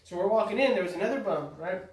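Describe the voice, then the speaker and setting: A man's voice: high voice, expressive, darkish tone. A young man in his twenties telling a slangy story on a podcast. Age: 20s. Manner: quick-talking, slangy storyteller. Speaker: podcast co-host. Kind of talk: casual podcast banter. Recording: echoey room, far from mic.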